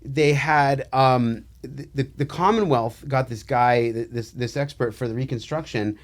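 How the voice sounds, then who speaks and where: A man's voice: mid-range voice, measured pace. Joking man co-hosting a legal podcast. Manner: joking, sardonic, many fillers and restarts. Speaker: podcast co-host, trial attorney. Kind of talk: casual legal chat.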